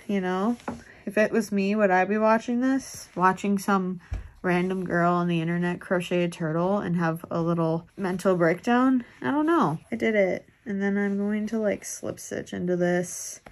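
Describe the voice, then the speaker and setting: A woman's voice: mid-range voice, normal speed, darkish tone. Young woman rambling to the camera while she crochets, casual and self-mocking. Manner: self-deprecating, rambling, thinking aloud. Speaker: crochet vlogger.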